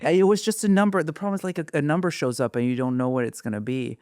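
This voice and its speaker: A man's voice: a little high, fairly even intonation, rapid-fire, a little mellow, no room sound, studio quality. A man as a podcast guest, chatting casually with his wife, rambling and hesitant, often restarting his sentences. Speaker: guest, host's husband. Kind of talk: casual chat.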